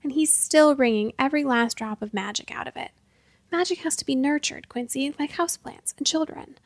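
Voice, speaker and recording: A woman voicing a fiery, pointy-eared magical young woman who scolds and yells with a sharp tongue. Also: sits high, a little fast, gravelly, no echo. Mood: heated.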